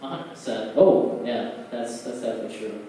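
A young man doing stand-up at an open mic in a bar, rambling loosely with lots of fillers and now and then jumping into loud put-on voices. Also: on the low side, brisk. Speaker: stand-up comic. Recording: echoey bar room, far from the mic, noisy.

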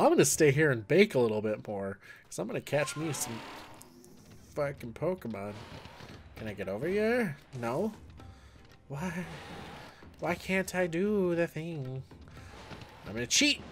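A man giving casual let's-play commentary, excitable and jokey, yelping and shouting at the game. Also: mid-range voice, normal speed, faint music behind.

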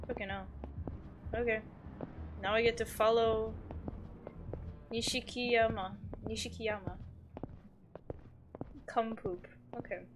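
Young woman streamer, casual game commentary, chatty, salty language, slightly high voice. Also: fairly even intonation, slow pace, long pauses, noisy background. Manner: chatty, swears freely, laughs often.

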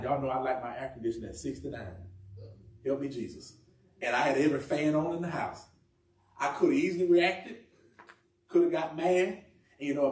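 A pastor preaching a sermon, with emphatic, drawn-out phrasing. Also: male voice, medium pitch. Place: church sanctuary. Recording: echoey church room from far off.

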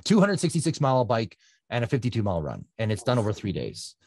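A middle-aged man from Canada, a guest telling his story in a casual, animated way and acting out quotes. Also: mid-range voice, quick pace, no room sound, studio quality. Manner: animated, conversational, acts out quotes.

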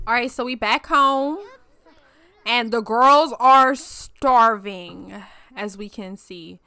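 Recorded with clean studio sound and no room tone, this slightly high, smooth-voiced young woman laughs often as she plays a life-sim game. Her let's-play commentary for her gaming channel is chatty, animated, and sprinkled with playful slang.

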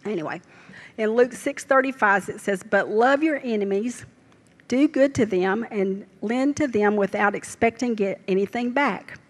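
A woman's voice: mid-range voice, normal speed, big-room sound. An older woman, preaching a sermon at a church service and telling homespun stories in down-home grammar. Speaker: lay preacher. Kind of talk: folksy sermon.

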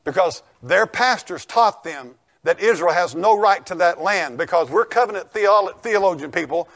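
An older male pastor, preaching a folksy, emphatic sermon that rises to shouts. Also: sits high, animated, normal speed. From United States.

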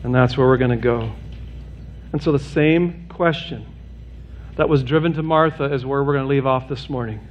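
The audio is dull, with slight background noise, as a man preaches at a normal pace in a church sanctuary. Earnest and direct with his congregation, he mixes plain humor into an appeal that rises in pitch and intensity toward urgency.

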